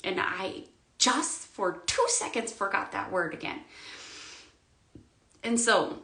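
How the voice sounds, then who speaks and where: A woman's voice: mid-range voice, slow, gravelly. Emotional woman in an echoey room. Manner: intense, swings between loud outbursts and quiet murmurs. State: emotional, near tears. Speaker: spiritual vlogger. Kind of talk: emotional spiritual monologue.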